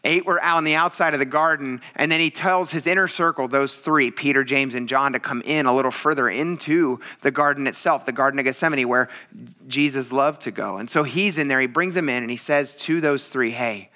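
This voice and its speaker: A man's voice: mid-range voice, a little fast, sharp tone. A man preaching a casual sermon in a chatty, teasing, self-mocking way. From military veteran. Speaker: pastor.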